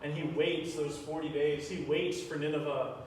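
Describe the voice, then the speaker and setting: In a church sanctuary, a pastor retells a Bible story during a sermon, acting out the prayers he quotes. His voice is on the high side, steady in tone and moderately paced, recorded from a distance in the echoey church with a faint hiss.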